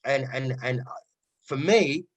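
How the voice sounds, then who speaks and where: A middle-aged man with a Cockney accent, a rave MC guest telling stories in a casual interview, animated and often checking in with "right?". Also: mid-range voice, takes it slowly, rough recording. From East London. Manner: animated storyteller, frequent "right?" asides.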